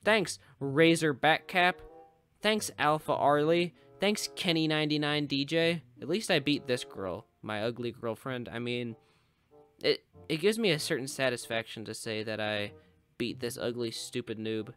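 A man giving goofy playthrough commentary on a racing game, yelling when he falls behind and chanting made-up nonsense words. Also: mid-range voice, measured pace, soft background music. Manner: goofy, yells in frustration, makes up nonsense rhymes. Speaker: gaming channel host.

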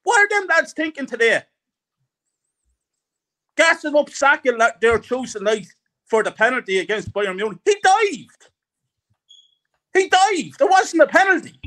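A man's voice: very high-pitched, sing-song, moderate pace, pauses often, pushed and bright. A middle-aged man ranting angrily about his football club, repeating himself as he vents. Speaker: guest fan. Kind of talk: heated fan rant.

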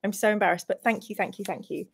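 A woman hosting a live-stream playthrough of a gamebook. She reads the room descriptions aloud and chats with viewers in a bubbly, self-deprecating way, with bursts of excited squeals. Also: mid-range voice, quick pace, creaky, breathy edge.

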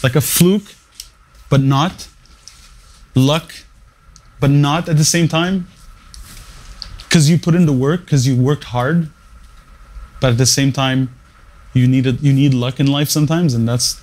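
A man's voice: medium pitch, a little mellow. Emphatic man with punchy short phrases. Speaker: radio morning show producer. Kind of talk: interview storytelling and career advice.

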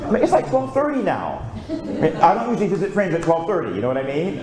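A priest giving a homily, telling a story with lively, conversational preaching and calling out for amens, in a church. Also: male voice, sits high, fast, a crowd in the background. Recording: echoey church.

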